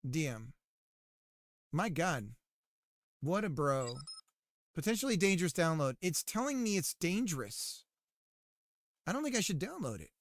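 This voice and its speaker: A man's voice: a little high, very animated, a little slow, pauses often, dry recording. A man streaming live while working on his game, chatting casually and teasing his viewers. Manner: joking, teasing his chat.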